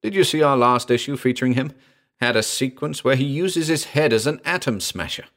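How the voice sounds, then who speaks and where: A man voicing an eccentric male mad scientist who chatters fussily and breaks into shrill shouts. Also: expressive, brisk, natural voice. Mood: gleeful.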